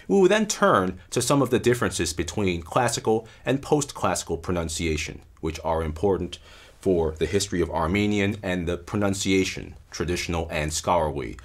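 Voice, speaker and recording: A man delivers a careful academic lecture, pausing to stress key terms. His voice sits low, yet his pitch moves widely and keeps the talk animated.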